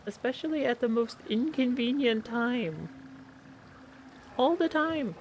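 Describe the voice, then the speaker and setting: A woman's voice: fairly high pitch, animated, a little slow, a little mellow, slight background noise. A woman streaming a game from her home office, chatting casually, answering her chat and talking to her cat. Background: background music.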